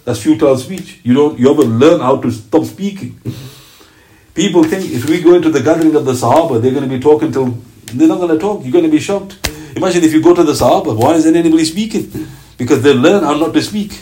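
Male lecturer, fairly high voice, lively storyteller who acts out quotes, sermon delivery. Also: fast, low-quality recording. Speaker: Islamic teacher. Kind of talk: religious lecture.

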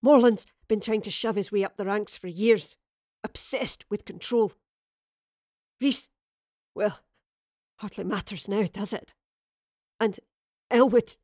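A woman's voice: medium pitch, mellow, no room sound. A stern female commander lies dying, her voice strained and gasping, each phrase forced out between breaths, as a woman reader plays her. It sounds like an audio drama reading. The sound is close and dry, with no room around it. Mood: strained, urgent. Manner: halting, breathy, urgent.

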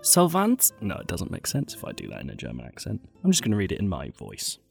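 A man's voice: low voice, huge pitch swings, quick pace, creaky, darkish tone, soft background music. A man hosting a podcast, reading out listener stories with dry, mock-gloomy asides. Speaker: podcast host.

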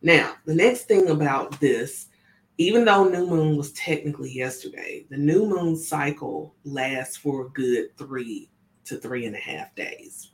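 Slow, chatty woman oracle reader. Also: low voice. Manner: chatty, checks in with listeners. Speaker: spiritual oracle card reader. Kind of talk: casual live card reading. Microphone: camera on tripod with ring light.

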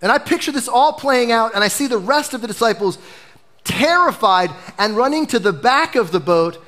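Animated male pastor preaching a sermon. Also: extremely high pitch, normal speed. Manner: animated preaching, dropping to a hush for emphasis.

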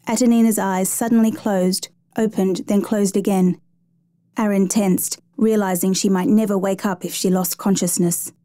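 Mellow-voiced woman reading a story. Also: medium pitch, steady tone, normal speed, no room sound. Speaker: narrator. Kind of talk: scripted narration.

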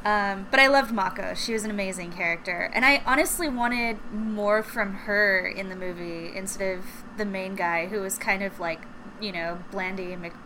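A woman's voice: mid-range voice, normal speed. A woman guest on a podcast, chatting casually and laughing easily, her talk full of fillers. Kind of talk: casual chat. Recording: noisy recording.

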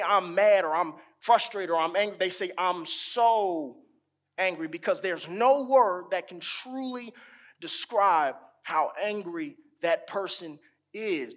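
Slow, deliberate preaching man. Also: sits high. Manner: slow, dramatic pauses, stretched key words; rising emphasis on repeated phrases. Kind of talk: sermon.

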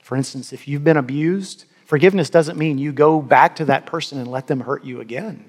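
A man's voice: fairly high pitch, a little fast. Earnest preacher man in a reverberant hall. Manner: earnest, emphatic, repeats words for stress. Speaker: pastor. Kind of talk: sermon.

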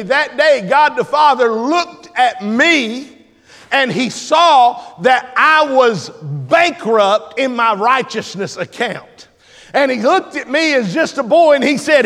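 A man preaching in a church sanctuary, his voice pitched very high for a man. He swings from hushed explanation to shouted, stretched-out lines, and a long reverb trails every phrase. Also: lively intonation. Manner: builds from quiet teaching to shouted preaching with long drawn-out phrases. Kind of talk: sermon.

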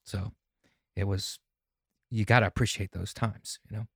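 A man in his forties with a fairly low voice speaks earnestly and reflectively, often repeating himself as he works through a thought. The recording is close and dry. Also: steady tone, moderate pace, fairly bright tone, slightly rough, no echo. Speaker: podcast guest, comedian. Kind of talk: casual conversation.

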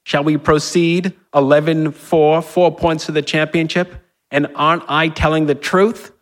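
A man reading a story aloud, voicing a smug, menacing aging athlete who taunts his opponent with slow, mock-polite jabs. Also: fairly high pitch, level tone, pitched above the performer's own voice, close to an everyday voice. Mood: taunting.

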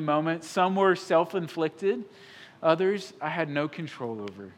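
Emphatic pastor, loud then hushed. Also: male voice, a little high, lively intonation, a little slow. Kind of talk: sermon. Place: church sanctuary.

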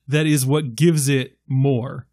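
A man on a podcast panel talking about a film in a casual, animated way, swearing freely and stressing his points. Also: medium pitch, slow, no room sound, clean studio sound. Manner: animated, profane, emphatic.

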